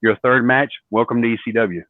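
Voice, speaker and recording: A man's voice: mid-range voice, fairly quick, dry recording. A man, a former wrestler telling stories in an interview and acting out the dialogue he quotes. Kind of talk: storytelling interview. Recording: dry, phone-like narrow sound.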